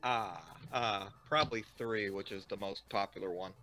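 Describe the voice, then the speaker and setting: A man with a lowish voice tells stories in loose, slangy chat with his streaming partner. Faint music plays behind him. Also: moderate pace, bright, forceful tone. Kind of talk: casual gaming stream chat.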